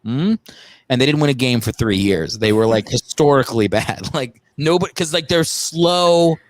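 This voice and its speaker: A man's voice: mid-range voice, expressive, moderate pace, no echo. A man who is a comedian, a guest on a podcast, rambling sarcastically about football with lots of fillers. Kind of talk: casual podcast chat.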